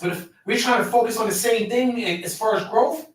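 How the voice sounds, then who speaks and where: A man's voice: high-pitched, brisk, far from the mic. A man hosting a podcast and coaching other men in an emphatic conversational way, often repeating his key phrases. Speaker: podcast host, men's coach. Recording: very echoey room, voice away from mic.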